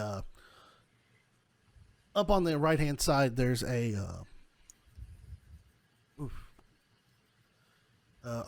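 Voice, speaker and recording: Slow-talking man running a tabletop game. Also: mid-range voice, no echo. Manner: halting, lots of fillers and restarts. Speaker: game master.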